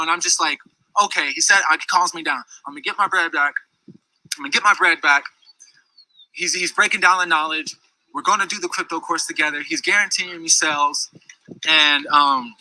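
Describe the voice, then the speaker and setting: On a low-quality recording with no room sound, a man whose fairly high voice sounds pushed and bright recounts a dispute at length. He rambles heatedly and casually, restarting often, drifting into asides and repeating "you know what I'm saying."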